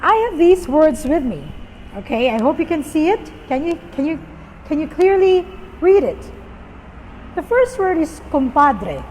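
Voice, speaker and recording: A high-pitched woman gives a patient vocabulary lesson and repeats each word for listeners to echo. Her voice has a long reverb tail, with faint vehicle noise behind it. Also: lively intonation, normal speed, darkish tone. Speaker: storytelling teacher. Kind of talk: teaching vocabulary to viewers.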